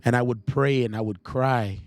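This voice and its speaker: A man hosting a podcast, telling a personal faith testimony in an earnest, halting, emotional way. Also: mid-range voice, fairly even intonation, darkish tone, no room sound. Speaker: podcast host.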